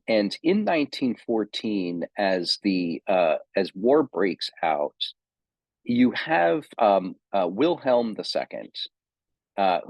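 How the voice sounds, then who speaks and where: Deep, slow-talking male lecturer. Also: creaky, a little mellow, dry recording. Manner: thoughtful, many ums and self-corrections. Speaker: seminary lecturer. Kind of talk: unscripted theology lecture.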